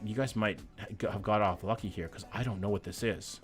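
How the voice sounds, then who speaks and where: A man's voice: lowish voice, fairly quick, soft background music. A young man streaming a guessing game, chatty and thinking aloud as he talks to his chat, swearing casually. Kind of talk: live-stream commentary with chat.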